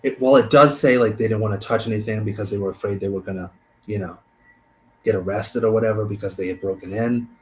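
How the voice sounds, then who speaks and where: Casual low-voiced man reading a case. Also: fairly even intonation, fast, a little hiss or hum, poor audio. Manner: thinks aloud, trailing off and restarting. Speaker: host.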